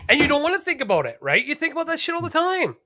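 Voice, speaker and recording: High, bright, animated podcast man. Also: racing, no room sound, studio quality. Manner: animated, rambling and profane. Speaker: podcast co-host. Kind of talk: casual chat.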